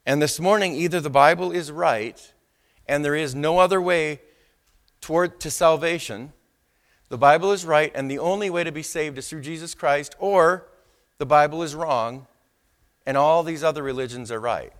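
A male pastor preaching a sermon, leaning on key words with slow, drawn-out stresses and asking the congregation for agreement. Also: a little high, a bit bright. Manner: asks the congregation for response.

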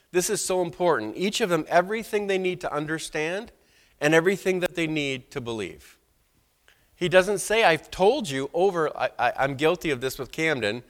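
A man preaching a sermon in a church, conversational and animated, with frequent rhetorical asides. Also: fairly high pitch. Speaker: pastor.

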